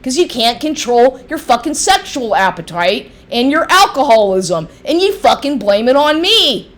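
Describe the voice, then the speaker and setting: Woman, high voice, heated, sarcastic, swearing, ranting vlog monologue. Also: big pitch swings, moderate pace, slight background noise. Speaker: vlogger.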